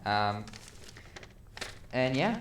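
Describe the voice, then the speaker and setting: A man's voice: medium pitch, very slow, a little hiss or hum. A teenage student film reviewer chatting about a movie, gushing and acting out scenes as he goes. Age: teens. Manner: excitable, gushing, acts out scenes. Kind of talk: casual film review chat. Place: school studio room. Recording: echoey room.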